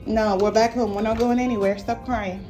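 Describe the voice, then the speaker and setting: A woman's voice: a little high, steady tone, moderate pace, dark tone, soft background music. A young woman vlogger talking to her new puppy, coaxing and praising him in affectionate baby talk.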